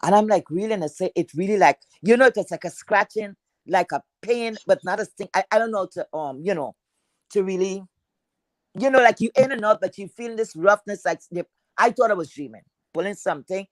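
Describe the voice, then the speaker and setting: A woman whose voice is unusually deep and heavy, pitched in the middle of the range for a speaking voice. She rambles casually through a personal story, full of fillers and asides. The recording is dry, with no room sound. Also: brisk, no echo, rough recording.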